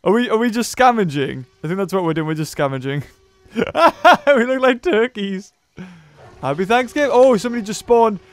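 A man giving excitable let's play commentary, laughing, yelping and muttering to himself as he plays. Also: high-pitched, moderate pace, dry recording. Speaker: gameplay commentator.

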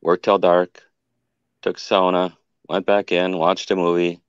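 A man's voice: sits low, flat delivery, unhurried, smooth, no room sound, highs cut off. A man telling his own encounter story in a casual, rambling way, often stopping to correct himself. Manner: rambling, restarts and self-corrections.

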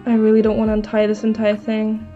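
A woman with a mid-range, monotone voice talks quickly while crafting on a live stream, chatting casually, thinking out loud and replying to her chat. The stream audio is slightly dull, with faint music in the background.

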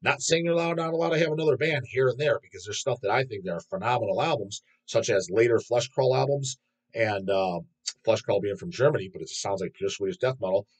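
A man's voice: mid-range voice, fast talker, husky, poor audio. A man hosting his own metal music channel, ranting casually and bluntly to camera, swearing constantly and speaking with strong opinions.

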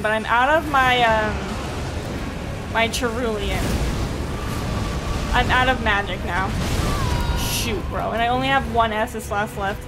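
A young woman commenting live on her own gameplay, excitable, with frequent yelps and laughs. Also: fairly high pitch, unhurried, pauses often. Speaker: streamer playing a game. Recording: game music playing behind.

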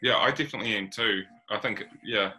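Laid-back New Zealand man, bright voice. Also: lowish voice, fast talker, rough recording. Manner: chatty, rambling, laid-back slang. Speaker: podcast host. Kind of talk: casual chat.

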